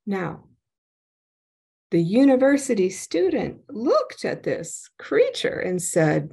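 Woman storyteller, slow pace, lively pitch, slightly husky. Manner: expressive, lively delivery. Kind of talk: storytelling narration.

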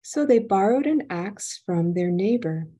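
A woman telling a folk tale aloud in an expressive storytelling manner. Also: mid-range voice, a little slow, husky. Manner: expressive, lively delivery. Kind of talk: storytelling narration.

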